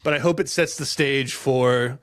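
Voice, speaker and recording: A man co-hosting a podcast, telling golf history in a casual, animated way, with dramatic flourishes and frequent laughs. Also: medium pitch, moderate pace. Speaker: podcast co-host.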